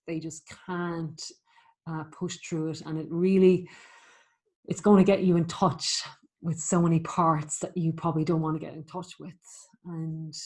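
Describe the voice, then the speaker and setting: Woman meditation teacher, flat even delivery, warm encouraging chat with lots of fillers. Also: fairly low pitch. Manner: gentle, encouraging, chatty with many fillers. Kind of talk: spoken meditation instruction.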